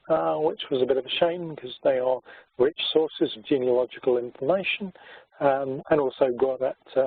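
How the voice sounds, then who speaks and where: A man's voice: medium pitch, slightly rough, dry recording. A man giving a genealogy presentation as a society chairman, speaking hesitantly with many fillers. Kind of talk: presentation talk. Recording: tinny phone-like sound.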